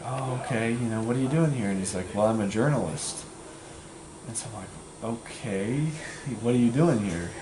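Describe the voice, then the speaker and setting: Rambling young man in an echoey room. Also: lowish voice. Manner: rambling, full of fillers, acts out quoted voices. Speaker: storyteller. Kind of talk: casual anecdote. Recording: echoey room with loud background noise.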